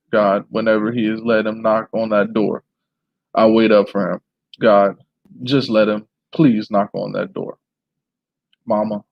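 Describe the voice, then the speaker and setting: A man reading a memoir aloud in an unpolished way, with small restarts and some throat clearing. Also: fairly low pitch, no room sound, muffled recording.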